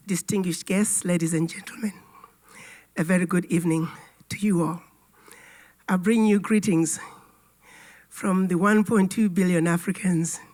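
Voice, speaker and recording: A woman ambassador giving a formal speech, hoarse and raspy as she gets over a cold, telling history with emphatic storytelling. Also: fairly low pitch. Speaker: ambassador giving a keynote address.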